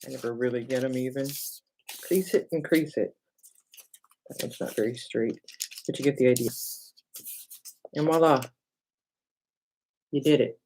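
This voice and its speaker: A woman's voice: extremely low pitch, measured pace, pauses often, a little mellow, a little hiss or hum, poor audio. A middle-aged woman hosting a casual crafting livestream at her home craft table. She chats with viewers by name, thinks aloud and talks to herself as she works.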